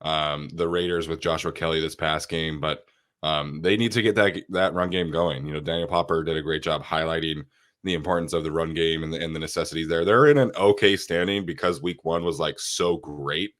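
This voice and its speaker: Man, very low voice, nasal from a cold, podcast host, loose chatty delivery. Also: a little fast. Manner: relaxed, with frequent fillers. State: sick, nasal voice. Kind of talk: casual sports podcast chat.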